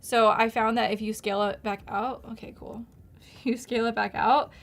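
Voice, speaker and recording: Chatty woman host, a bit high. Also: fairly even intonation, a little fast. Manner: chatty, narrates steps, laughs often. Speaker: livestream host and designer. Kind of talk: casual live design demo.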